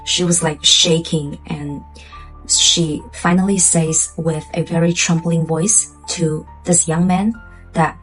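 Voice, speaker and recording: A woman's voice: deep voice, fairly even intonation, slow, faint music behind, low-quality recording. A woman telling a spooky tale to her viewers in a chatty, casual way, full of fillers. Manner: chatty, loose phrasing with many fillers. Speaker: storyteller.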